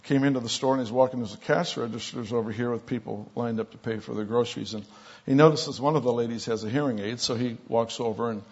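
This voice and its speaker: Husky-voiced man telling a sermon story. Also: medium pitch, quick pace. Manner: animated storyteller, rising loud for quoted exclamations. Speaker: pastor. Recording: dull lo-fi sound.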